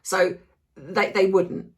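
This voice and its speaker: An Australian commentary vlogger, feeling unwell, delivers an impassioned, ranting opinion vlog full of restarts. Her mid-range voice is slow with fairly even intonation.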